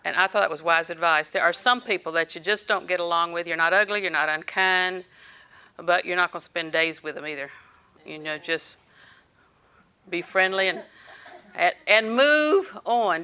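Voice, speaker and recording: A woman's voice: medium pitch, bright, forceful tone, clean tone. An older woman minister preaching a sermon, telling personal stories with quoted dialogue and occasional laughter.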